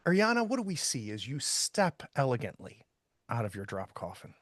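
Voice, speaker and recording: A man's voice: mid-range voice, wildly swooping pitch, moderate pace, fairly bright tone, dry recording, studio quality. A man running a tabletop game as game master, setting the scene in descriptive narration.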